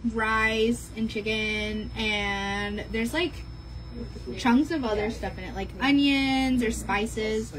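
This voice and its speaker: A woman's voice: a little high, steady tone, takes it slowly, crowd noise, low-quality recording. A woman co-hosting a casual office lunch vlog, asking questions and explaining dishes. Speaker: co-host.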